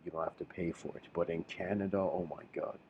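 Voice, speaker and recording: A man giving a livestreamed spiritual lecture, musing and halting, often restarting his sentences. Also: low-pitched, fairly even intonation, muffled recording, a little hiss or hum.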